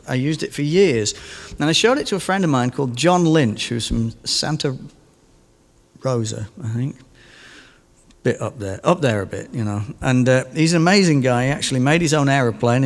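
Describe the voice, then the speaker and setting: A man's voice: medium pitch, big-room sound. A middle-aged English man, a guitarist, telling a rambling, self-amused story between songs at a concert. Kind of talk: between-song stage anecdote. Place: concert stage in a museum.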